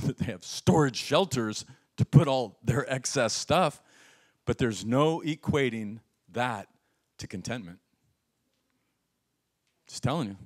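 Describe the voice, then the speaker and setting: A man preaching a sermon as pastor, with a lively, humorous delivery full of asides. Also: fairly low pitch. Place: church sanctuary.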